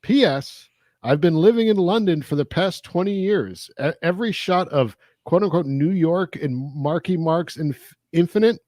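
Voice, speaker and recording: Male co-host reading mail on air; lively pitch, dry deadpan. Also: moderate pace, no echo. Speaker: podcast co-host. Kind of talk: reading a listener letter aloud.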